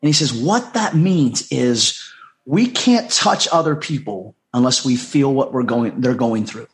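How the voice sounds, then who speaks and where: A man's voice: mid-range voice, animated, measured pace. A middle-aged man from the United States, a guest on a podcast, telling a personal story in an earnest, heartfelt way and often repeating himself. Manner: heartfelt, repetitive, acts out quoted dialogue. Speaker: podcast guest, life coach.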